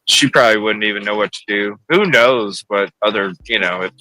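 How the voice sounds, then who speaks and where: A man hosting a livestream from his car in heavy rain, chatting in a relaxed, rambling way. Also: lowish voice, a little fast, no echo, poor audio. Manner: relaxed, rambling, thinks aloud. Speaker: livestream host. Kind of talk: casual chat while driving.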